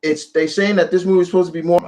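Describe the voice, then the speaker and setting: A man hosting a casual live chat about movies, talking in an animated, rambling way with lots of restarts. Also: high-pitched, very fast. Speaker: show host.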